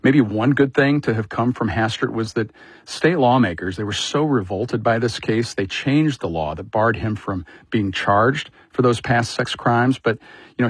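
A man's voice: lowish voice, husky, no room sound. A man, a politics editor, speaking conversationally in a radio interview with frequent fillers.

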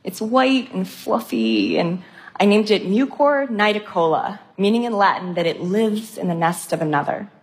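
A woman's voice: medium pitch, moderate pace, slightly rough, dry recording. A young adult woman scientist telling her own story with vivid enthusiasm. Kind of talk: storytelling talk.

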